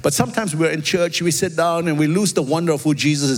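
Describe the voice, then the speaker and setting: A pastor with a Singaporean accent, preaching a sermon and telling stories, often asking "amen?" and "right?". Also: male voice, a little high, fast. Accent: Singaporean English. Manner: storytelling, animated, repeats phrases, asks "amen?" and "right?". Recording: long reverb of a large hall.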